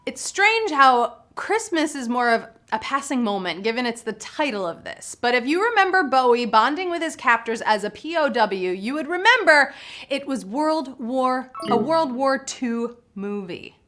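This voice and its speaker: A woman's voice: high voice, very animated, normal speed, sharp tone. A woman hosting a live trivia game, chatty and bubbly, laughing often. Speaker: trivia game show host.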